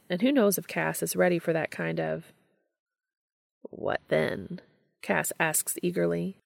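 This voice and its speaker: Woman, romance story narration, steady delivery, gravelly, dry close recording. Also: lowish voice, no echo.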